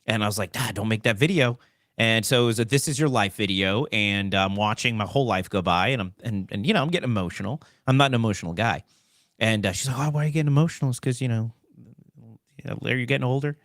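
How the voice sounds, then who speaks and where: A man's voice: lowish voice, fast, a bit bright, dry recording, clean studio sound. A man in his forties hosting a comedic talk show, joking and rambling. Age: 40s.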